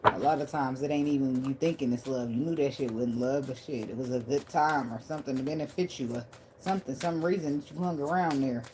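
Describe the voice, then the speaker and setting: A woman's voice: a bass voice, a little fast, a little mellow, slight background noise. A woman giving a casual tarot reading in a blunt, profane, conversational way. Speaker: tarot reader.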